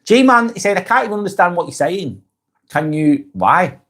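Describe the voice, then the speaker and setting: A man's voice: sits high, animated, moderate pace, fairly bright tone. A man with a Lancashire accent hosting a casual live stream. He reads viewers' comments aloud and answers each one by name in a plain, direct way. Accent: Lancashire, Northwest England. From Northwest England.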